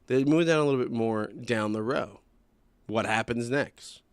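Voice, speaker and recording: Young male podcast host, animated and profane storyteller, dry studio sound. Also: mid-range voice, unhurried, clear, resonant tone, dry recording. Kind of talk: casual storytelling.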